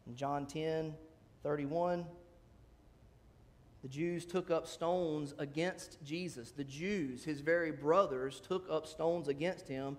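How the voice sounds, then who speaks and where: Animated preacher in a reverberant hall. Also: male voice, on the high side. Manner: animated, acts out quoted lines in a raised voice; conversational asides between scripture readings. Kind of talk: sermon.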